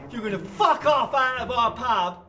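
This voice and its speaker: An actor playing a menacing gangster who shouts and swears as he threatens someone. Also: very high-pitched, expressive, moderate pace, soft background music, full character voice. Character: menacing male gangster twin, brutal. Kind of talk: film acting. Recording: distant voice over film score.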